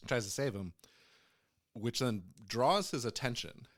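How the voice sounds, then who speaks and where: A man's voice: mid-range voice, animated, a little slow, a bit bright, dry recording, clean studio sound. A man co-hosting a podcast, retelling a story in casual chat and breaking into playful silly voices for the characters. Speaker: podcast co-host.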